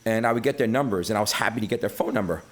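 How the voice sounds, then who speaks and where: A middle-aged man from Brooklyn, New York, talks rapid-fire in a lowish voice as a podcast guest. He tells casual stories full of swearing, animatedly acting out the quotes.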